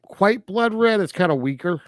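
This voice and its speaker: A man chatting casually on a film review podcast, his voice rising and falling in lively swings. He walks through each scene with quoted asides, and the dry, close sound has no room echo. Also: high-pitched, moderate pace. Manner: animated, recaps scenes with quoted asides and laughs. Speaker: podcast co-host.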